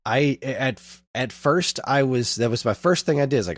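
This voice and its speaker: A man in his thirties co-hosting a podcast, telling a long story in casual chat and getting animated as he retells it. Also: mid-range voice, moderate pace, no room sound. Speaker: podcast co-host.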